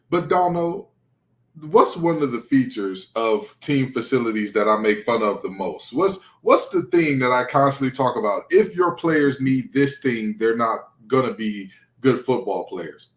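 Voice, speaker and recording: Sarcastic, ranting man in a roomy space. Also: mid-range voice. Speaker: podcast co-host. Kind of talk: heated sports talk.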